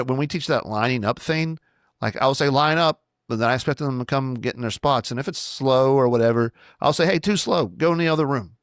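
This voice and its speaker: A man's voice: mid-range voice, no room sound, clean studio sound. A man, a pastor, teaching parents on his own podcast in a plain-spoken, instructive way and repeating his key points.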